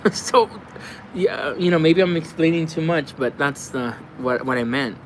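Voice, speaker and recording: A man's voice: fairly high pitch, measured pace, a little hiss or hum. A man hosting a livestream in casual chat, rambling, swearing and laughing a lot as he answers viewers. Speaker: livestream host. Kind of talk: casual chat while reading viewer comments.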